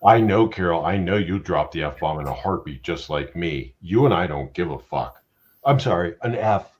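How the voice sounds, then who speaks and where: A man's voice: deep voice, animated, moderate pace. A middle-aged man hosting a casual live-stream chat, blunt and profane, joking around. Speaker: host.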